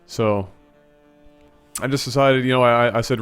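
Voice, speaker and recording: Male vlog host, animated storyteller, mid-pitched, with faint music underneath. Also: moderate pace, clear, resonant tone.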